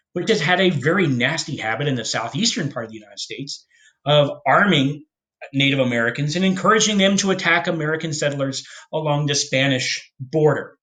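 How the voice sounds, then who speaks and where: Male history teacher, animated storyteller with a lively, rising and falling voice, playful asides. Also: fairly high pitch. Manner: jokey storyteller, acts out historical figures in quick voices. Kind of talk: casual history lecture.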